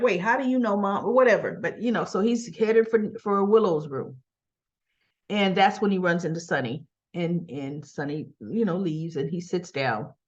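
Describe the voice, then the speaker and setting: A woman's voice: medium pitch, highs cut off. A woman casually recapping a soap opera episode, retelling the scenes by quoting the characters and often checking in with "right?".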